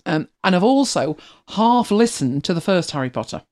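A woman's voice: lowish voice, sing-song, moderate pace, darkish tone. A middle-aged woman from Manchester with a mild Manchester accent, chatting casually as a host, rambling and laughing often. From England, Manchester. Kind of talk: casual chat, reading listener comments.

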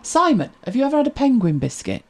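Woman host, wry and chatty, animated pitch, relaxed storyteller. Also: quick pace. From Britain. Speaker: livestream host reading viewer comments. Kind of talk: casual chat.

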